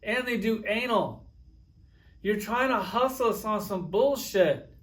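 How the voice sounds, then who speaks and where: A man with a notably high-pitched voice rants straight to camera in a profane, sarcastic comedic style. He spins crude stories and breaks into heated outbursts. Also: expressive, unhurried, a bit bright. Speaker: toy collector reviewer.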